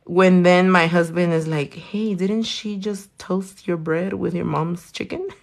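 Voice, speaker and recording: A young woman chats casually as she works on nails and tells a story about her day. She talks in a loose, profane, animated way. Her voice sits a little low and has a gravelly fry running through it. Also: a little slow. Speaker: nail artist vlogger. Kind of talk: casual storytime chat while doing nails.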